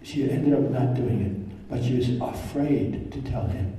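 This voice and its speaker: A man's voice: mid-range voice, a little slow, dark tone, a little hiss or hum. A man, a priest, telling stories to an audience in an earnest way, often repeating words and restarting. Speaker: priest giving a workshop talk. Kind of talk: storytelling talk to an audience. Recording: echoey hall from far off.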